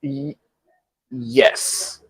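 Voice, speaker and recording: A man hosting a casual morning show from a taco restaurant, telling stories and laughing often. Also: dry recording. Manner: animated, laughs often, quick storytelling. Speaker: host.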